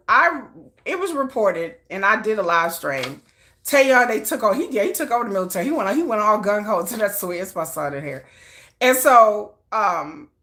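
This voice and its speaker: A woman with a Texan twang hosting a casual livestream, chatty and animated, often restarting her sentences. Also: mid-range voice. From Texas. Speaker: K-pop news livestream host.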